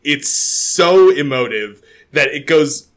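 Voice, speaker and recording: A man co-hosting a casual podcast chat about a TV show, animated and laughing often as he acts out scenes. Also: on the high side, takes it slowly. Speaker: podcast co-host.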